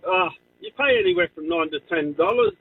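A man's voice: on the high side, lively intonation, brisk, husky. A man with an Australian accent calling a radio show, talking in a rambling, nostalgic way. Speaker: caller. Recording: distant, phone-like line.

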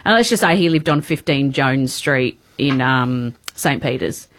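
Low-voiced woman co-host. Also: lively intonation, no room sound. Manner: quick teasing interjections. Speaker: radio co-host. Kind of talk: casual radio banter.

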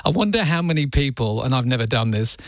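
A middle-aged man hosting overnight talkback radio, chatting casually and warmly greeting callers by name. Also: mid-range voice, expressive, fast talker, dry recording. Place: radio studio. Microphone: studio microphone.

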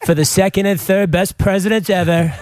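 A man putting on the voice of a boastful male president, drawing out his words in slow rally-style bluster on a radio show. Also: high-pitched, steady tone, darkish tone, a little hiss or hum, voice pushed up, close to an everyday voice. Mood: bombastic. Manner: slow, drawn-out rally delivery. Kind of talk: comic impression on breakfast radio.

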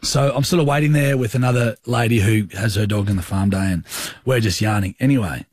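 A man with an Australian accent co-hosting a radio show, telling a story in animated, colloquial banter. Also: fairly low pitch, fairly quick, slightly rough, no room sound, studio quality. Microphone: studio microphone.

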